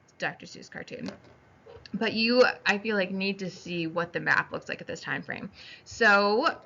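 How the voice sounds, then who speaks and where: A woman giving a casual history lecture, chatty and animated, slipping into quick voices for historical figures. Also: medium pitch, creaky, lo-fi sound. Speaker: history teacher.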